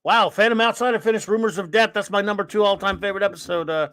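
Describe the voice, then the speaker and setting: A man's voice: sits high, quick pace, fairly bright tone, no echo. A man hosting a casual live stream, rambling and sarcastic as he greets viewers and rants. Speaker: host of a live stream chat.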